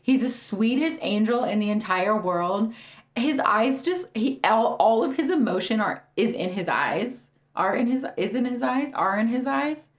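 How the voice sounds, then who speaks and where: A woman's voice: on the high side, lively intonation, a little slow. A young woman co-hosting a podcast in loose, casual chat. She gushes and giggles often. Her voice cracks a little now and then. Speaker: podcast co-host.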